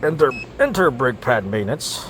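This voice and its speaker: Man mechanic, casual repair walkthrough, mid-pitched, stumbling restarts, faint background noise. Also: sing-song, moderate pace, fairly bright tone. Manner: rambling, repeats words and restarts often. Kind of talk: casual how-to narration while working. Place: auto repair shop.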